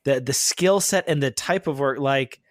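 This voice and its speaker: Relaxed, reflective male podcast host. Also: medium pitch, moderate pace, dry recording, clean studio sound. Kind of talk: casual conversation.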